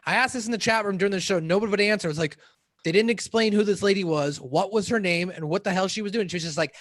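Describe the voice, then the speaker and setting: A man speaking as a podcast guest in casual chat, excitable and quick to interject. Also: high-pitched, no room sound.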